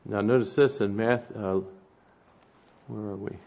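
A man's voice: lowish voice, fairly even intonation, unhurried, gravelly, darkish tone, muffled recording. A man preaching an expository sermon in a conversational way, often checking in with his listeners and reading scripture aloud with rising force. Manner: conversational, asks the room "right?".

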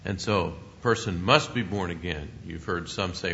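A man teaching through a Bible passage verse by verse. He reads scripture aloud with rising emphasis, then explains it in a relaxed, conversational way. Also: low-pitched, normal speed, vocal fry, few pauses, muffled recording.

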